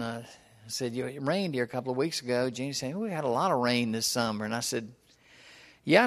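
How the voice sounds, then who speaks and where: A man's voice: medium pitch, vocal fry, fairly bright tone. A man in his seventies preaching a folksy sermon, telling personal stories in a homespun, chuckling way. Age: 70s.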